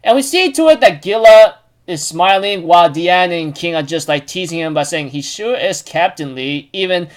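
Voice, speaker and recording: A man's voice: high voice, normal speed. A man casually recapping a manga chapter, rambling with many fillers and restarts.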